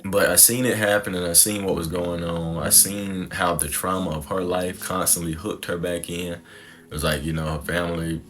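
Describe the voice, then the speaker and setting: A man's voice: deep voice, level tone, moderate pace, a bit bright, soft background music. A young man telling his personal story to the camera in a reflective, conversational, slangy way. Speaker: content creator.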